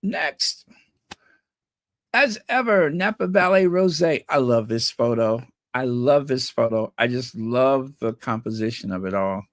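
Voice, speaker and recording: Slow, rambling man hosting a live stream. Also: mid-range voice, expressive, no room sound, studio quality. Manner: rambling, playful, repeats words trying out pronunciations. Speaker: channel host.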